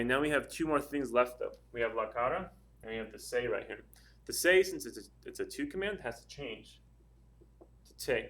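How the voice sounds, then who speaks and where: With a mid-range, a bit bright voice, a man gives a relaxed Spanish grammar lesson. He patiently works through each example step by step, his explanation peppered with frequent ums and uhs.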